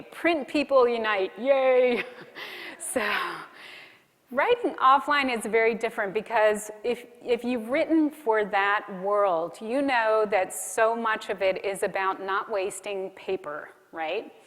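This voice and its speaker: A woman delivers a conference keynote in a friendly, practical, instructive way. Her voice sits at an ordinary middle pitch. A long reverb tail from the hall hangs around every phrase. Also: fairly bright tone. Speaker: keynote speaker.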